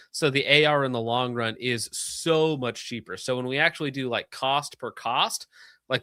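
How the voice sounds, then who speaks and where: Streamer host, male, sarcastic and joking, bright close dry voice. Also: medium pitch, no echo. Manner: sarcastic, joking, quick asides. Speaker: streamer reading donations. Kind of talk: casual livestream chat.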